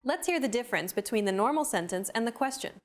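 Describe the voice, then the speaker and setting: A woman narrating a scripted language lesson in a clear, upbeat, explaining manner. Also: a little high, animated, fast.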